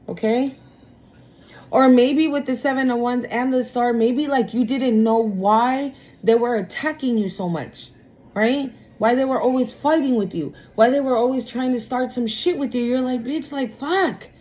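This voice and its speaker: A woman's voice: fairly high pitch, warm tone, poor audio. A woman giving a casual tarot reading to her viewers, blunt and emphatic, swearing freely and calling them y'all. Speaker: tarot reader.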